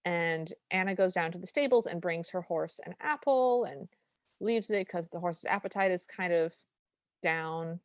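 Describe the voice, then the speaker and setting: Podcast co-host, female, lower register, chatty recap delivery, close dry mic. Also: normal speed, no echo. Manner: chatty, recounting plot with quoted lines. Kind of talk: casual recap chat.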